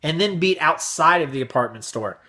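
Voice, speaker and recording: A man's voice: on the high side, expressive, brisk, pushed and bright. A young man hosting his vlog, telling crude, exaggerated stories in a brash comedic rant. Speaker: vlog host.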